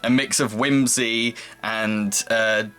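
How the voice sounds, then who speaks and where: A man's voice: on the low side, steady tone, slow pace, bright, forceful tone, smooth. A man casually reviewing a movie, laughing often and rambling through his thoughts. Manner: giggly, rambling. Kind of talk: casual chat.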